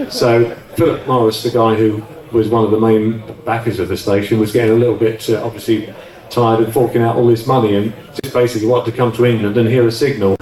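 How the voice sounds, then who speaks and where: A man's voice: fairly low pitch, steady tone, brisk, a little mellow. Chatty man reminiscing, roomy and distant. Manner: rambling, chatty, with frequent restarts and laughs. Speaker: interview guest, former offshore radio DJ. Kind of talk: casual recollection on stage interview. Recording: roomy sound from a distant mic.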